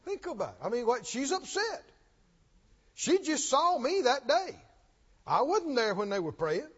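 High-voiced, slow, deliberate male preacher. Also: sing-song, husky. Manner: slow, emphatic preaching with rising intensity. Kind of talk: sermon. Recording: dull lo-fi sound in a long-reverb hall.

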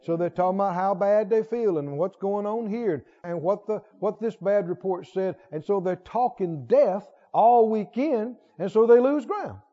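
A man preaching a sermon in a church, conversational and animated, building to emphatic exclamations. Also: high-pitched, moderate pace, hardly any pauses. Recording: dull audio with long hall reverb.

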